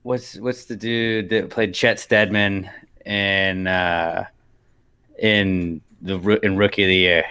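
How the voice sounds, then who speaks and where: Relaxed man rambling. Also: low voice, slow, clear, resonant tone. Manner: rambling, relaxed, lots of fillers. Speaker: podcast co-host. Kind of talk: casual football chat.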